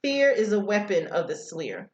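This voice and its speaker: A woman reading aloud voices an ancient guardian spirit in a slow, solemn, ominous way. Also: mid-range voice, very animated, a little mellow, echoey room, close to an everyday voice.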